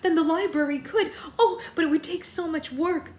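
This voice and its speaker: A woman voicing an eager, bookish young woman librarian who talks quickly and breathlessly, read aloud in an echoing room. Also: medium pitch, sing-song. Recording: roomy room echo.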